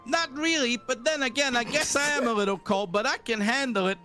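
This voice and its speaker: A man's voice: very high voice, a little fast, sharp tone, faint music behind, pitched above the performer's own voice. A man voicing a cocky young male street tomcat with a put-on New York accent, brash and teasing. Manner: brash, teasing, self-assured.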